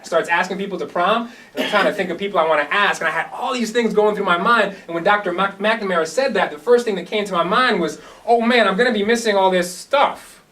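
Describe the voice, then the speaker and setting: After stumbling through a hesitant introduction with fillers, this man launches into an earnest, storytelling-style first-person dramatic monologue. His voice is high-pitched and fairly bright, picked up by a distant mic.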